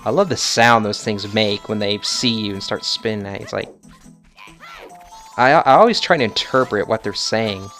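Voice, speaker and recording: A man playing a video game and commenting casually, joking sarcastically with loud bursts of mock outrage. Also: lowish voice, normal speed, faint music behind. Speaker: video game let's player.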